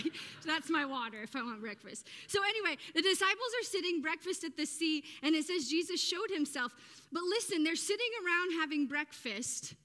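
Woman preacher, high and bright, conversational and lively, long hall reverb. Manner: lively and conversational, asks the audience questions. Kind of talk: sermon.

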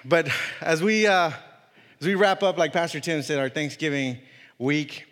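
A man in his thirties preaching a sermon as a guest speaker, telling a personal story earnestly, with many halting restarts. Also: a little high, a bit bright, long reverb tail.

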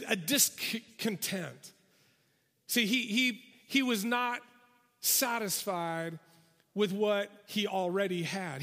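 A man preaching a sermon, telling a parable with animated storytelling and acting out the characters' voices. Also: sits high. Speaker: pastor. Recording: long reverb of a large hall.

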